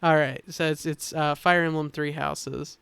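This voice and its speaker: Man, podcast chat, halting explanations, frequent filler pauses, smooth resonant voice, dry close sound. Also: a little high, fairly even intonation, fairly bright tone, dry recording. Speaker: game designer explaining characters.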